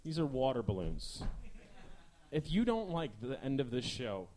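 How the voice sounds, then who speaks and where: A man's voice: mid-range voice, big pitch swings, measured pace, darkish tone. A man hosting a live comedy talk show, delivering a rambling, sarcastic stand-up monologue.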